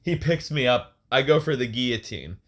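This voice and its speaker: A young man co-hosting a podcast, telling a story in casual, profane, animated chat with frequent laughs. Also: medium pitch, normal speed. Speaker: podcast co-host. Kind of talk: casual chat, retelling a match.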